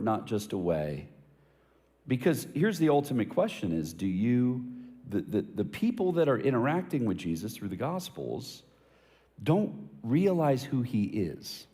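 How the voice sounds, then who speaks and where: A man's voice: medium pitch, dark tone, big-room sound. A man preaching a sermon as a pastor, telling casual stories with jokes and asking emphatic questions. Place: church hall.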